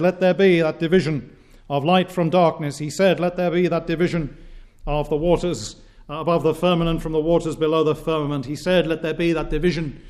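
Slow, deliberate male preacher. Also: a little high, darkish tone. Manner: measured, declamatory preaching with frequent "uh" pauses. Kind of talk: sermon.

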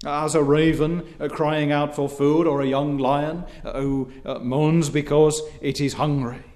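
A man preaching an expository sermon in a measured, formal way, reading scripture and rising in force when impassioned. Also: on the high side, a little mellow.

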